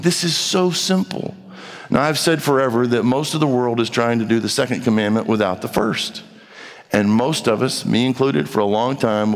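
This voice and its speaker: A man preaching a sermon in a conversational way, reading scripture and acting out short dialogues with rising emphasis. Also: medium pitch. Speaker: pastor. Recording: long hall reverb.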